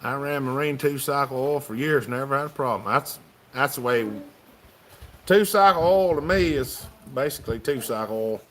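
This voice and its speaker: A man with a Southern accent runs a casual livestream, reading chat messages aloud in a drawling, folksy style. He has a medium pitch, a fairly bright tone, and a moderate pace.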